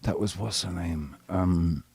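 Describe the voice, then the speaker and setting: A man's voice: low voice, a little slow, vocal fry, a little mellow, slightly rough, no room sound, clean studio sound. A man hosting a casual live panel chat, rambling, crude and joking. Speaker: live show host.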